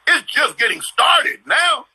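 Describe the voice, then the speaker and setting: A man's voice: very high voice, big pitch swings, takes it slowly, sharp tone, low-quality recording. A middle-aged man hosting a casual live video-call chat, telling stories in an emphatic, slangy way. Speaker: host.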